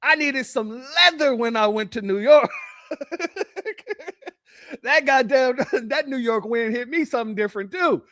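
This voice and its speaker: A man's voice: very high voice, normal speed, hardly any pauses, fairly bright tone, no echo, studio quality. A man from California giving casual commentary, laughing often and repeating himself. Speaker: commentary channel host.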